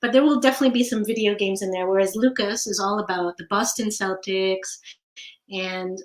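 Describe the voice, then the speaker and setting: A woman's voice: medium pitch, steady tone, brisk. An American woman in her forties, an artist chatting casually during a live studio check-in. She rambles a little, with lots of fillers and light laughter. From United States. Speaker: artist and art teacher. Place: home art studio. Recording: roomy studio sound.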